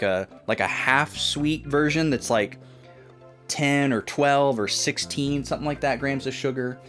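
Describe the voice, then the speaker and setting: Rambling, low-voiced man chatting casually. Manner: rambling, filler-heavy, conversational. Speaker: podcast co-host. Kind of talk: casual chat.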